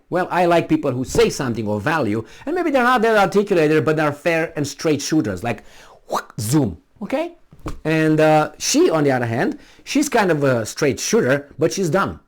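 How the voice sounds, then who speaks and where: Animated blunt man with non-native English. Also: a little high. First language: not English. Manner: blunt, rambling, swearing, frequent restarts. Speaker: commentator. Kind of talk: casual opinion monologue.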